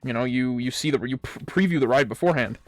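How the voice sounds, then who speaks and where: A man's voice: medium pitch, quick pace, a little mellow. A young man rambling casually and swearing a lot while he plays a game and tells stories, with plenty of fillers. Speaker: gaming vlogger.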